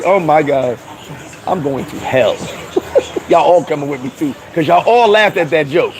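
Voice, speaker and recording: A man's voice: fairly high pitch, lively intonation, a little slow, rough recording. A man chatting casually on a live stream, reading comments aloud in a loose, rambling way, swearing and laughing at himself. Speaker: vlogger reading live chat.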